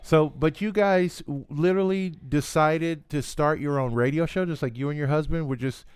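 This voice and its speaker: A man's voice: on the high side, moderate pace, darkish tone, clear, resonant tone, no room sound, studio quality. A man hosting a radio show, chatting in a loose, rambling way with restarts and fillers. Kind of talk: casual interview chat.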